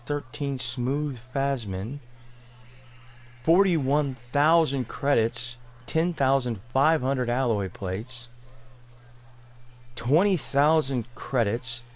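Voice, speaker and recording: A man's voice: mid-range voice, slow pace, long pauses. A man giving sarcastic, incredulous commentary over gameplay, ranting with exasperation. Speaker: gaming video creator.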